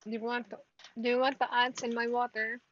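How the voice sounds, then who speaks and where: A woman's voice: on the high side, little pitch movement, a little fast, fairly bright tone. A woman streaming live, chatting to her cat in a giggly, baby-talking way. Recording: dull lo-fi stream audio.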